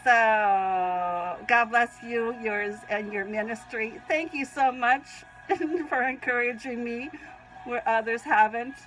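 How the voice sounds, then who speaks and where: A woman's voice: on the high side, slow pace, fairly bright tone, faint music behind, low-quality recording. A woman with a Southern US accent reads her own Christian writing aloud, often breaking off to sneeze and giggle. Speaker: Christian vlogger.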